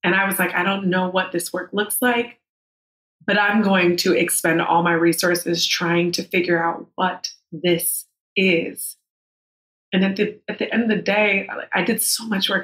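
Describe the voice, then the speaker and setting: A woman's voice: on the low side, fairly bright tone. A woman in her thirties telling a personal story as a podcast guest, candid and emotional, with frank swearing. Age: 30s. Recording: roomy echo.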